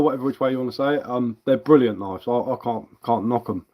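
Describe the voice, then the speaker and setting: A man's voice: mid-range voice, fast, lo-fi sound. A man chatting casually on a live stream as a woodcarver, easygoing and answering viewer comments.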